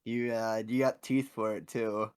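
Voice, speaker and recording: A man's voice: lowish voice, level tone, unhurried, darkish tone, smooth. A man co-hosting a casual comedy podcast, teasing and sarcastic. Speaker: podcast co-host.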